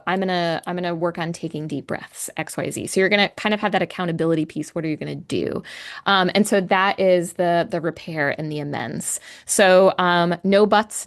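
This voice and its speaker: A woman hosting an educational podcast as a creative arts therapist, explaining ideas step by step in an earnest way and often restarting or correcting herself as she thinks aloud. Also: on the low side. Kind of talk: solo educational podcast talk.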